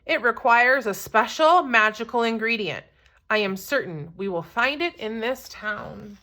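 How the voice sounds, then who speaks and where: A woman's voice: on the high side, lively intonation, a little slow, bright, forceful tone. A woman voicing two cheerful traveling cooks who chant in a sing-song way in a storybook read-aloud. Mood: eager.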